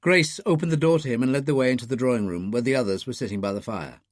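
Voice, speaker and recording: A man narrating a thriller audiobook in a lively, expressive reading. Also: medium pitch, quick pace, no room sound, clean studio sound.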